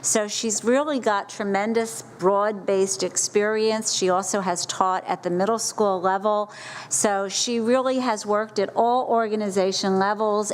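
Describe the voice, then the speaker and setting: A woman's voice: medium pitch, smooth, in a large hall. A woman, a school district administrator, giving a praising tribute to a colleague at a board meeting, lightly joking.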